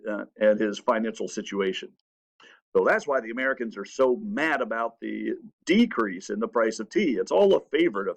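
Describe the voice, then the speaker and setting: Male teacher, animated storyteller, acts out quotes, muffled recording. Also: mid-range voice. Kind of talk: classroom history lesson. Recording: dull lo-fi sound.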